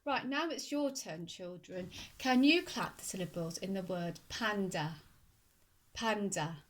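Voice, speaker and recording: A woman teaching a phonics lesson to young children, speaking slowly and clearly and sounding out words syllable by syllable. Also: mid-range voice. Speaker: primary school teacher.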